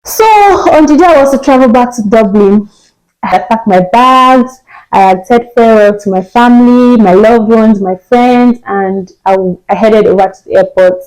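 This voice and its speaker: In a casual vlog, a young Nigerian woman tells a personal story, animatedly acting out the quoted dialogue and laughing along the way. Her voice is fairly high and her pace is normal, but the recording quality is low.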